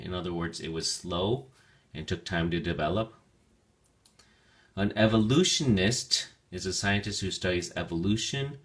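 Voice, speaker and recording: Deep-voiced man teaching vocabulary slowly. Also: a bit bright. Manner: slow, careful enunciation of words. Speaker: ESL teacher. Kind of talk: vocabulary lesson narration.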